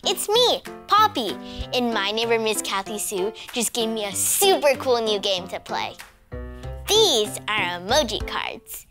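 A woman's voice: fairly high pitch, sing-song, unhurried, fairly bright tone, faint music behind. A woman voicing a cheerful young girl puppet who hosts a children's game show.

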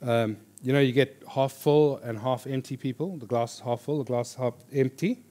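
A man teaching a church class on reading the Bible, in a lively, joking conversational way. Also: medium pitch, moderate pace. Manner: animated, jokey, with lively quoted voices. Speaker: pastor teaching a Bible course. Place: church hall before an audience.

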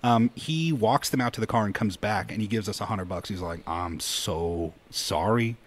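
A man's voice: fairly low pitch, slight background noise. Chatty man telling a story on a podcast. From Colorado, US. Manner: animated, chatty, with quick laughs and many "like"s. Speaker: podcast co-host. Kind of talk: casual storytelling.

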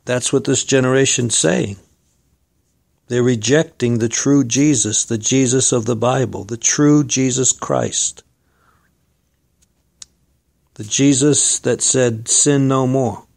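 A man's voice: medium pitch, measured pace, creaky, a little mellow. A man preaching an earnest sermon, exhorting his listeners and reading scripture aloud. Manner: earnest, exhorting, addresses listeners as friend and folks.

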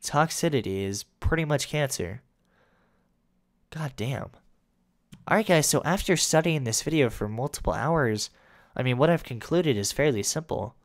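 A man's voice: medium pitch, expressive, normal speed, long pauses. Crude, sarcastic young male YouTuber. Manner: crude, sarcastic, jumping into loud impressions. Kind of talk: comedic commentary.

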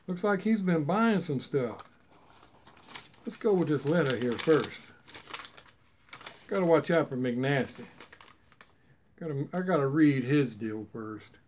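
Chatty, rambling man with a higher voice. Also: expressive, unhurried, long pauses, darkish tone, slight background noise. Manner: chatty, folksy and rambling, with Southern-style grammar. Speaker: die-cast car hobby vlogger. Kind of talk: casual rambling unboxing chat.

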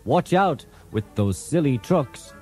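A man's voice: mid-range voice, lively intonation, moderate pace, warm tone, lightly acted. A man voicing a cheeky, boastful male tank engine in a storybook reading, with music behind. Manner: boastful, cocky.

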